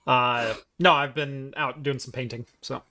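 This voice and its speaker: A man co-hosting a casual tech podcast, chatty, with halting restarts. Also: mid-range voice, steady tone, bright, forceful tone. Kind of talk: casual chat.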